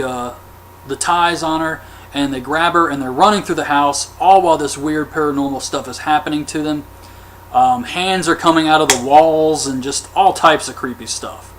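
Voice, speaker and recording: A man's voice: on the high side, fairly bright tone, a little hiss or hum. A man giving a casual, rambling movie recap for his vlog, with frequent "um" and "like". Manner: loose, rambling retelling with "um" and "like". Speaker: movie reviewer.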